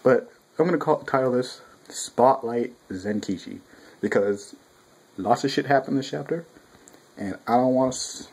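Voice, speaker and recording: Husky-voiced young man, rambling and profane. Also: mid-range voice, moderate pace, poor audio. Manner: profane, rambling, animated quoting. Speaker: manga reviewer. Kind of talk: casual chapter review. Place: home room with a cat.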